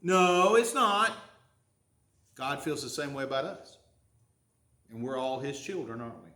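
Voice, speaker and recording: A man's voice: mid-range voice, moderate pace, a bit bright, roomy sound. A man, preaching a sermon in a folksy, conversational way, full of questions to the congregation. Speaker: pastor.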